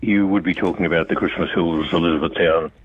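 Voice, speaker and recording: Australian man, very low husky voice, blunt and forceful, tinny phone line. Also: steady tone, fast talker, dry recording. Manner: blunt, forceful, repeats himself. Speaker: guest on radio phone-in. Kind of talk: casual radio chat.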